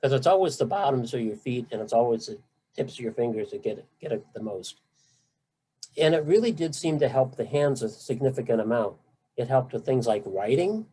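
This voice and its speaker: A middle-aged man lecturing patients on nerve pain treatment in a relaxed, conversational way. His voice sits in a mellow, warm register at a middling pitch. He speaks with emphasis and friendly asides. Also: moderate pace, slightly rough, rough recording. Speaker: physician lecturer. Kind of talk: medical talk to patients.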